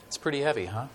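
A man preaching a sermon with stories to a church congregation, talking in a conversational way with many fillers and dramatic pauses. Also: mid-range voice, slight background noise. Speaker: guest preacher.

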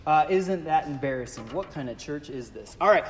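A man's voice: on the high side, lively intonation, a little fast, big-room sound, faint music behind. A man preaching a casual sermon as pastor in a church, chatty and joking, with self-deprecating asides. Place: church sanctuary.

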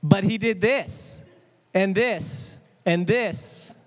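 A man's voice: high-pitched, very slow, voice pushed up. A man playing a whiny tattling boy. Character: whiny boy tattling on his brother to mom. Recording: echoey hall.

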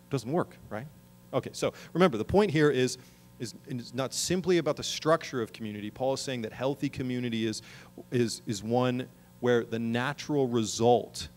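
A middle-aged man preaches from the pulpit in an earnest, steady voice at an ordinary pitch. He builds to emphatic, urging calls and then settles back into plain explanation. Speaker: pastor. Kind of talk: sermon.

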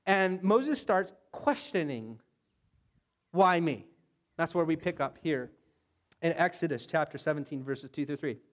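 A male pastor preaches with a lively, storytelling delivery, acting out the voices of biblical figures as he goes. His voice sits fairly high for a man. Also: measured pace, long pauses. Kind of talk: sermon.

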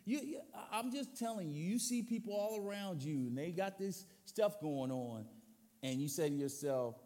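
Man preaching a sermon, lively pitch, fairly high voice, casual slangy delivery, echoing hall. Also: moderate pace.

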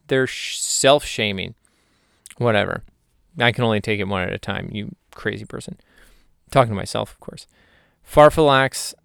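A man's voice: lowish voice, a bit bright, clean tone, no echo, studio quality. A man hosting a solo podcast in a casual, jokey, rambling way. He is also a hypnotherapist and sometimes talks to himself.

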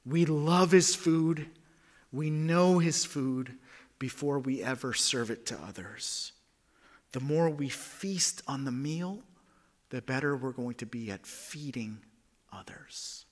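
A man, a pastor, preaching a sermon, swinging from hushed near-whispers to loud emphatic lines. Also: on the high side.

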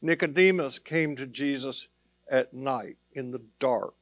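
A man's voice: mid-range voice, unhurried, dry recording, faint music behind. A man preaching a sermon in a conversational way, with plain asides to the congregation. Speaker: pastor.

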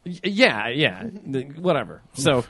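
A man's voice: mid-range voice, big pitch swings, unhurried, crowd noise. A man co-hosting a casual podcast, chatting about a horror film, laughing often and swearing casually. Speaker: podcast co-host. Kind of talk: casual film-commentary chat.

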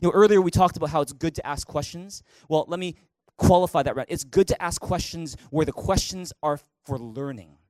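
A middle-aged man preaches in an animated way, his voice pitched high. The sound is close and dry, with little room echo. He bursts into loud acted-out quotes to make his points. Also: fairly quick. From Canada. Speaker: pastor. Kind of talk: sermon. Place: church auditorium.

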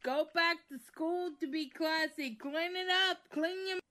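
A woman talks in a preachy, scolding way. Her voice sits very high and bright, and she takes her time over each phrase. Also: a little slow. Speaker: TikTok creator. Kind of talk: lecturing social media clip.

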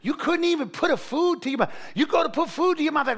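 Male preacher, middle-aged, high gravelly voice, comic storytelling sermon, full of laughs. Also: fast talker, crowd noise. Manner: animated, laughing, acts out quotes.

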